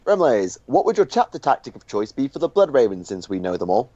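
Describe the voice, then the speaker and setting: A man's voice: mid-range voice, sing-song, fairly quick, dark tone, husky, no room sound, muffled recording. A man with a Yorkshire accent from Barnsley, hosting a casual podcast chat and asking questions. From England. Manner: conversational, asks questions, hums filler tunes. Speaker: podcast host.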